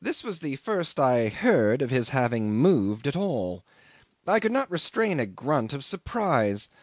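A man reading a classic novel aloud as a measured, expressive narrator. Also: medium pitch, no room sound. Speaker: audiobook reader. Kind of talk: scripted narration.

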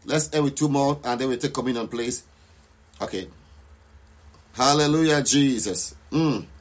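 A man's voice: medium pitch, normal speed. A man preaching and leading a live prayer session, urging listeners to declare aloud and pray with passion. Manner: repeats declarations with rising intensity. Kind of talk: fervent live sermon and prayer.

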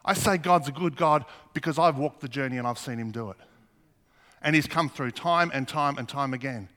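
Bright-voiced preacher man in a reverberant hall. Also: medium pitch, moderate pace. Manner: earnest, asks the congregation questions. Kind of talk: sermon.

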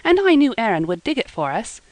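A woman reading the part of a lively young village girl, bashful and roguish, eager and coaxing. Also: medium pitch, normal speed, dry recording, close to an everyday voice, low-quality recording.

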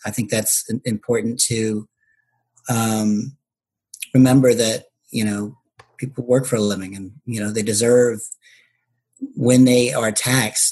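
A man's voice: lowish voice, a little mellow, breathy edge. A man being interviewed on a podcast, a bartender and local candidate telling stories casually, with frequent ums and restarts. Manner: hesitant, many ums and restarts.

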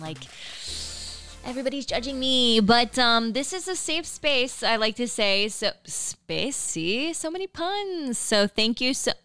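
A woman's voice: on the high side, very animated, normal speed, sharp tone, soft background music. A young woman hosting a solo podcast, chatting casually and upbeat with lots of fillers and a valley-girl lilt. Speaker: podcast host.

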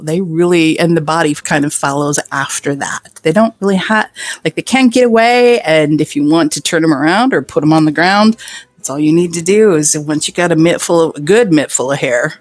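A woman's voice: lowish voice, lively intonation, moderate pace, no echo. A woman guest on a podcast, talking frankly and playfully and laughing often. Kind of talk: casual interview chat.

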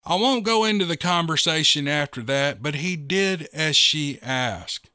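A man narrates a first-person tale in a wry, matter-of-fact way. His voice sits a little high and bright. The recording is dry and close, with no room sound. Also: lively intonation, unhurried, clear, resonant tone, no room sound.

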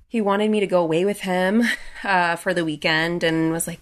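A woman's voice: lowish voice, steady tone, normal speed. A young adult woman recounting a personal story in a casual way, with frequent "like" and restarts.

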